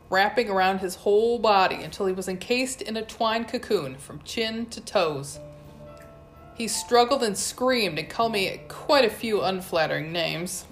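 A woman reading a first-person adventure story aloud with lively storytelling. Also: mid-range voice. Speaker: audiobook narrator. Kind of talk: first-person audiobook narration.

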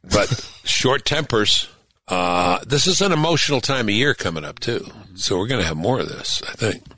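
A man's voice: on the low side, expressive, normal speed, sharp tone, dry recording. An older man hosting a podcast, chatting casually about politics in a conversational way with chuckling asides. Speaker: podcast host.

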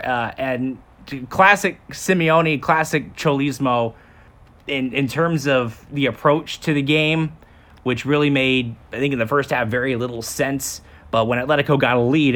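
A man's voice: mid-range voice, a bit bright. Man, podcast host, sports talk, recaps the game, hands off questions.

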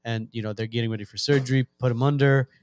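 A man hosting a podcast, telling a joke story in a relaxed, casual way. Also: mid-range voice, fast talker, clean tone. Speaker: podcast host.

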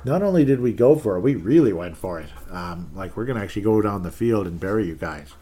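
A man giving a casual fan rant about his team, exasperated and sarcastic, swinging between loud outbursts and low muttering. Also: lively intonation, fast, slightly rough. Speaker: sports fan commentator.

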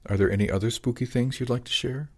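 Wry fatherly shaman, gentle teasing, slightly raised voice, read by a man. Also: mid-range voice, fairly even intonation, fast, pitched above the performer's own voice, lightly acted. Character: fisherman father, shaman of village.

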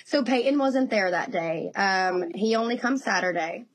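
A woman guest chatting casually, laughing through her stories like an eager fan. Her pitch sits in an ordinary middle range. She gushes freely and often breaks into giggles. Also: animated, moderate pace, slight background noise. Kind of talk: casual chat.

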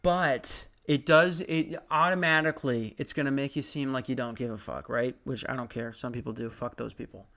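A man's voice: medium pitch, steady tone, moderate pace, gravelly, few pauses, bright, forceful tone. A young man doing stand-up, telling a story in a profane, sarcastic rant. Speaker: stand-up comedian.

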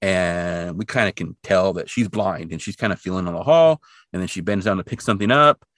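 A man's voice: low voice, a little fast, a bit bright, dry recording, clean studio sound. A man co-hosting a podcast, recapping an episode in casual, rambling chat and briefly putting on voices for the characters. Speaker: podcast co-host.

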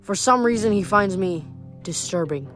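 Woman voicing a menacing male giant, rumbling, taunting, storybook reading, faint music behind. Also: expressive, moderate pace, fairly bright tone, close to an everyday voice. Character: menacing male giant, huge, cruel and patient.

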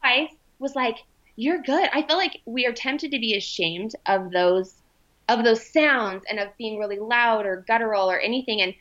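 A young adult woman tells a personal story in casual conversation, animated and emotional, and slips into the voices of the people she quotes. Her voice sits a little high with a bright, forward tone. The recording sounds dull and lo-fi. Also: moderate pace. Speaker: podcast guest.

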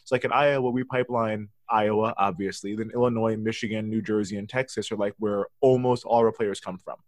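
A man's voice: on the low side, fairly even intonation, brisk, no echo. A man co-hosting a casual movie-review chat, blunt and swearing casually. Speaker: podcast co-host.

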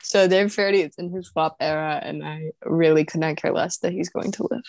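A woman guest on a podcast speaks breezily and playfully in a slightly low voice. Her sound is dry and close. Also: steady tone, brisk, creaky, darkish tone, dry recording. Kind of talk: casual chat.

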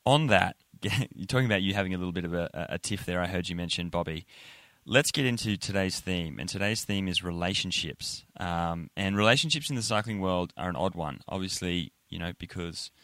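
Brief: low-pitched male podcast host with a bright, forceful tone and a rambling, filler-heavy delivery. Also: a little fast, no room sound. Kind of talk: casual interview chat.

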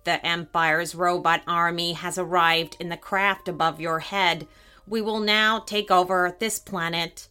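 A woman's voice: on the low side, fairly even intonation, a little slow, pushed and bright, clear, resonant tone, voice pushed down. A woman voicing a boastful alien toy robot who speaks in formal, clipped pronouncements. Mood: coolly superior.

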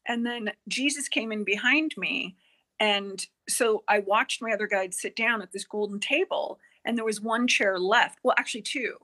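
A woman guest on a podcast telling a personal experience, earnest and halting, with many fillers and quoted dialogue. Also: medium pitch. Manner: earnest, halting, with frequent fillers and self-corrections; quotes herself and others in lively dialogue.

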